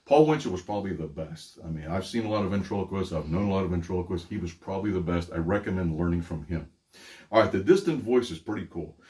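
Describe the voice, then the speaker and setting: An older man from Pittsburgh hosts a casual how-to segment with upbeat, chatty energy and laughs often. His voice sits a little low. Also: animated, fast talker, a little mellow. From Pittsburgh, USA. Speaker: magician and ventriloquist host. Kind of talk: casual teaching demonstration.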